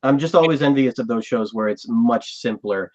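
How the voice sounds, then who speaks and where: A man's voice: medium pitch, moderate pace, muffled recording. A man hosting a live podcast chat, talking casually and thoughtfully. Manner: thoughtful, rambling with fillers. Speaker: podcast host.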